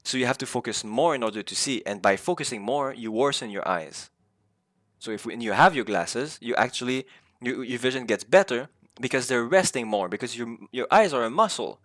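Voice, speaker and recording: A man's voice: mid-range voice, lively intonation, fairly quick, fairly bright tone, no echo. A man streaming a video game, chatting loosely with his viewers and swearing freely as he rambles. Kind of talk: casual live-stream chat while gaming.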